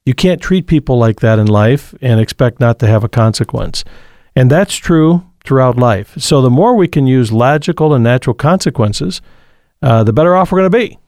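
A man's voice: mid-range voice, expressive, normal speed, darkish tone, dry recording. Earnest man hosting a call-in show, dry sound. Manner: earnest, advising, preacher-like. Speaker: radio show host. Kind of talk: call-in advice talk.

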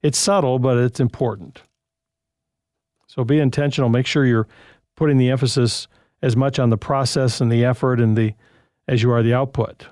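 A man's voice: medium pitch, fairly even intonation, normal speed, pauses often, a little mellow, no echo, studio quality. A man hosting a radio call-in show and giving parenting advice in a conversational, rambling way with restarts.

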